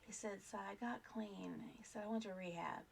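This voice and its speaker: Gravelly-voiced woman telling a personal story. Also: mid-range voice, normal speed, a little hiss or hum. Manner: earnest, rambling, many fillers and restarts. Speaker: vlog host.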